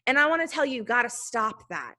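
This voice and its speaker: Bright, chatty woman giving a pep talk. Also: fairly high pitch, big pitch swings, fast talker. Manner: talkative, chatty, heavy use of "like". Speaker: team leader speaking to her sales team. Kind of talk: motivational talk.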